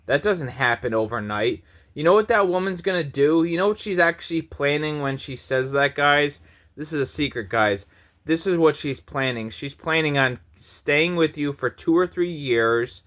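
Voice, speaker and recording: A man's voice: medium pitch, a bit bright. A man in his thirties ranting to camera in a preachy, confrontational vlog monologue, swearing often. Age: 30s. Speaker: vlogger.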